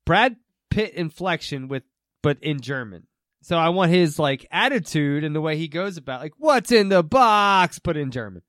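A man hosts a casual podcast chat, joking and trying to keep the talk on topic. His voice is a little high and swings a lot in pitch. The sound is dry and close. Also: normal speed, no room sound. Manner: lively, jokey, steers the conversation. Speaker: podcast host.

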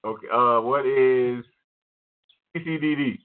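A man's voice: medium pitch, measured pace. A man hosting a radio show, plugging the station and firing brief quiz questions. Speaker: host. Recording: phone-like sound.

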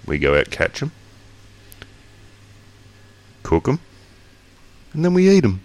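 A man's voice: medium pitch, huge pitch swings, normal speed, a little mellow. An Australian man co-hosting a podcast in casual chat, blunt and joking, rambling on. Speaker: podcast co-host.

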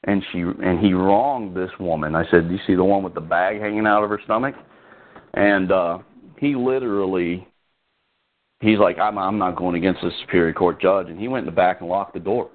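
Low-voiced man on a phone line. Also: normal speed. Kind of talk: casual storytelling. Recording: tinny phone-line audio.

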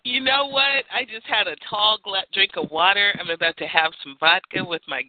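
A woman with a cold, chatting on an online radio show and telling stories with emphatic, animated energy. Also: mid-range voice, moderate pace, no echo. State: has a cold. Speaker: poet and radio show guest. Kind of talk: casual chat. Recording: tinny phone line.

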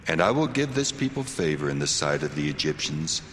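Deep solemn man reading scripture. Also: big pitch swings, a little fast, a bit bright, long reverb tail, slight background noise.

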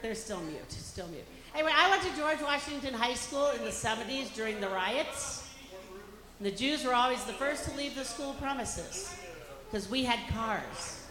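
A woman's voice: fairly high pitch, lively intonation, normal speed, crowd noise. A woman in her fifties from Colorado doing a stand-up comedy routine, with brash, self-mocking punchline delivery on a stage microphone. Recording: reverberant hall, faint background noise.

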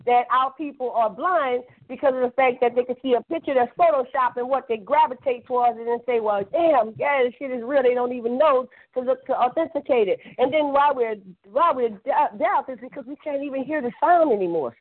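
A woman's voice: high voice, a little fast, few pauses. New Orleans woman on a tinny phone line. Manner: rambling, emphatic, profane. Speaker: caller. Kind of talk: casual call-in chat.

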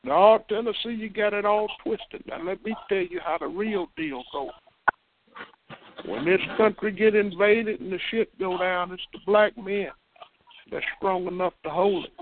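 A very high-pitched man with an East Texas accent holds forth over a tinny phone line, lecturing and repeating himself with emphasis. Clear static hisses under his voice. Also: moderate pace. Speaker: chat line caller. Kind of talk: heated phone argument. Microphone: telephone.

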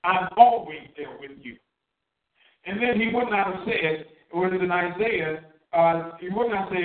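A man with a high voice preaches a sermon emphatically, drawing out key words and putting questions to his listeners. He sounds far from the mic in a roomy space, and the audio is narrow and tinny.

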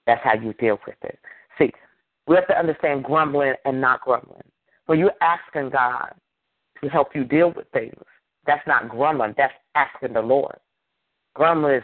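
A man's voice: mid-range voice, moderate pace. Fervent male pastor preaching on a tinny line. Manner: emphatic preaching with repeated phrases and call-and-response. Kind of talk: sermon. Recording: tinny phone-like dry sound.

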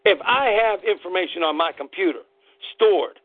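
A man's voice: sits high, expressive, moderate pace, no room sound. A man hosting an internet radio show, delivering a fired-up, profane political rant in angry bursts. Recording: tinny phone-line audio, dry.

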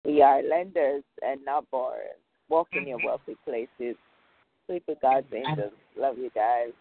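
A woman's voice: rumbling low, a little slow, gravelly. A woman closing a prayer call with a fervent spoken prayer and blessing, repeating "oh God" between phrases. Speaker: prayer line member closing in prayer. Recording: tinny phone line.

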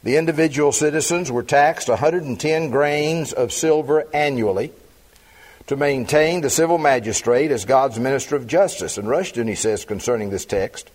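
A middle-aged male pastor preaching a sermon, reading scripture aloud and then expounding it with slow, emphatic stresses. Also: mid-range voice, a little mellow.

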